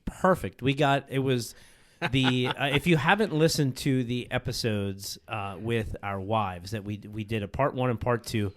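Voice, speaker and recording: A middle-aged man co-hosting a podcast in casual chat, laughing a lot and quick to agree. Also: mid-range voice. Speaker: podcast co-host.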